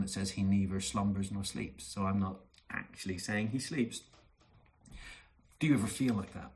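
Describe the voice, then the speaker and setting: A preacher delivers a sermon in a slightly low voice, speaking earnestly and relying on repeated phrases for emphasis. Between his stronger lines, he often drops into quiet, soft moments.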